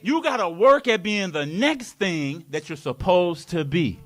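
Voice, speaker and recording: A man's voice: high voice, animated, a little slow, a bit bright. A man preaching a live sermon in a community worship hall, playful and laughing, with call-and-response.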